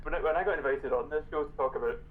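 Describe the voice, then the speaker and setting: Wry quick-talking man, muffled recording. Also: a little high, slight background noise. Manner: wry, quick, teasing asides. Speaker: guest. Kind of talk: casual podcast chat.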